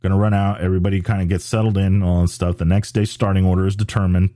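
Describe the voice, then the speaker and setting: A man with a low, mellow voice talks loosely on a podcast, circling back and restarting his sentences as he goes. The sound is dry and close, with no room around it. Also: little pitch movement, quick pace, no room sound. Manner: rambling, many restarts and fillers. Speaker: podcast host. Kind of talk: casual podcast talk.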